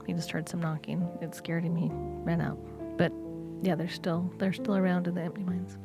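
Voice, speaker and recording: A woman's voice: on the low side, level tone, moderate pace, music in the background. A woman co-hosting a casual podcast, chatty and self-deprecating, prone to friendly digressions. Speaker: podcast co-host. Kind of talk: casual paranormal podcast chat.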